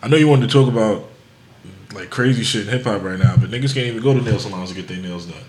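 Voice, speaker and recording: Loud laughing man telling stories. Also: on the low side, fast, echoey room, a little hiss or hum. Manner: loud animated storytelling, acts out quotes, laughs often. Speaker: podcast host. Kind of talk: casual chat.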